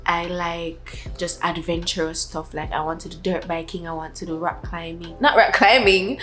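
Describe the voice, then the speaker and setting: A young woman vlogger in a casual sit-down chat, talking softly and rambling with many filler words. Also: lowish voice, fairly even intonation, normal speed, hardly any pauses, soft background music.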